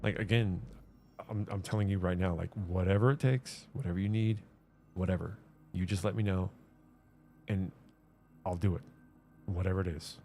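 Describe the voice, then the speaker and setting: A man's voice: low-pitched, moderate pace, pauses often, mellow, a little hiss or hum. A man streaming, telling a personal story in an earnest, rambling way with many restarts and repeated words. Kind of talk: casual livestream chat.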